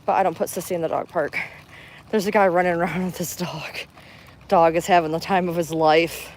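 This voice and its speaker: A woman walks through a park, vlogging live on a handheld phone in a fairly low, a little mellow voice with fairly even intonation and a slightly fast pace. She's chatty and a bit out of breath, turning chirpy when she talks to passersby, with slight background noise.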